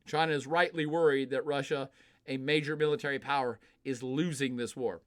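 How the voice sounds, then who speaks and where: A man's voice: medium pitch, fairly even intonation, a little fast, a bit bright. Blunt, opinionated man streaming live. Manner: blunt, opinionated, profane, lots of uh fillers. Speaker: live-stream host answering chat. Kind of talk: casual live-stream commentary.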